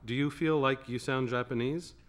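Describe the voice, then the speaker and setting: Moderator, male, mid-pitched, measured with frequent pauses. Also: fairly even intonation. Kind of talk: prepared question at a public reading.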